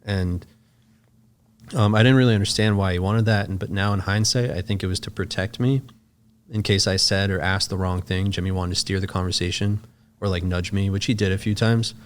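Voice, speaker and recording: A man with a somewhat low voice recounts a story as a podcast guest. His speech is loose and casual, peppered with filler words and cursing. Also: steady tone, a little fast. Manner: loose and profane, full of "like" fillers.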